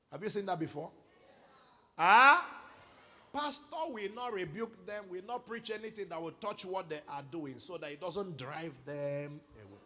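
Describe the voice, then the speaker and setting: A middle-aged Nigerian man preaching a sermon as pastor, moving from quiet asides to loud exhortation and calling for responses. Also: a little high. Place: large church hall.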